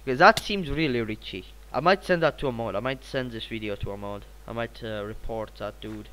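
A teenage boy, a little sick, commenting on his own gameplay with a bright, crisp tone at an ordinary pitch. He rambles and jumps into excited repeated exclamations. Faint hiss and clicks sit under the voice. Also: a little fast, low-quality recording. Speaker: gaming channel host.

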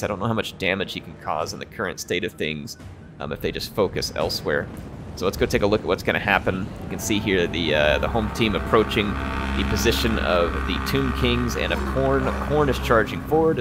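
A man's voice: on the low side, a little fast, over loud music. A man giving casual, explanatory commentary over a strategy game battle replay, with plenty of fillers. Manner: relaxed, explanatory, frequent fillers.

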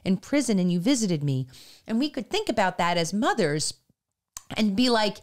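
A middle-aged woman co-hosting a faith podcast, talking in a halting, earnest way with many fillers, at times near tears. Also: medium pitch, sing-song. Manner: halting, filler-heavy, growing emotional and earnest. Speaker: podcast co-host. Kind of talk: faith-based casual podcast talk.

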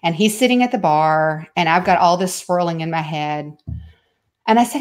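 A middle-aged woman with a low-pitched voice tells a personal story in an interview. She speaks earnestly and lets her voice fall to a hush at the tender moments. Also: lively intonation, moderate pace. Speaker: speaker and author on homeschooling.

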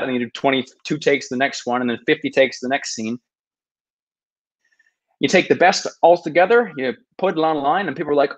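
A man's voice: on the high side, fairly quick, highs cut off, a little hiss or hum. Earnest, self-deprecating man telling stories. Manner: earnest, self-deprecating, lively storyteller with frequent restarts. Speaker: podcast guest, travel video maker. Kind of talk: casual storytelling interview. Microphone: podcast microphone.

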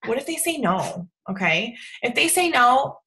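A woman's voice: fairly high pitch, sing-song, a little slow, sharp tone, rough recording. A woman giving casual coaching to a sales team over a livestream, chatty and bubbly, often checking in with "okay?".

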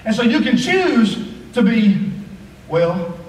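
A male pastor preaching a sermon, rhythmic and repetitive, swinging between quiet asides and raised, emphatic lines. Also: very high voice, very animated, slow. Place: church sanctuary. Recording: echoey hall, voice from a distance, faint ambience.

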